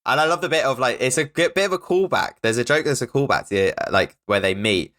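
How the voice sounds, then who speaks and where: A man's voice: mid-range voice, animated, quick pace, a bit bright. A man co-hosting a podcast, chatting eagerly about a film and acting out its lines. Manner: enthusiastic, quotes film lines in put-on voices. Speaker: podcast co-host. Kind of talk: casual film review chat.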